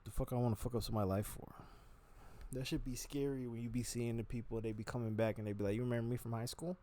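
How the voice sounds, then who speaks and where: A man's voice: medium pitch, little pitch movement, fast, dark tone, a little hiss or hum. Rambling, profane young man on camera. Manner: rambling and profane, with sudden jumps into acted-out quoted voices. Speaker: vlogger. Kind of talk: casual unscripted monologue to camera. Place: on camera, gesturing with hands.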